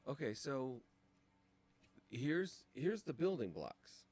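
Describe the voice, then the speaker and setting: A man's voice: mid-range voice, very animated, slow, a little mellow. A man teaching design, talking through files on a screen capture in a casual, thinking-aloud way with many ums. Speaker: design instructor.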